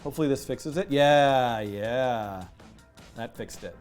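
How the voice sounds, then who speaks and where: A man hosting a live coding stream, chatting casually, animated and self-mocking, laughing often. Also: medium pitch, measured pace, faint music behind. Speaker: livestream coding host. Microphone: headset with music in his ear.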